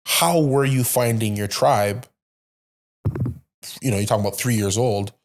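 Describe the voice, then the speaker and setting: A woman with an exceptionally low, deep voice hosts a podcast interview. She asks curious, musing questions, circling through qualifiers and restarts before she lands on her point. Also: measured pace, a little mellow. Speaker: podcast host.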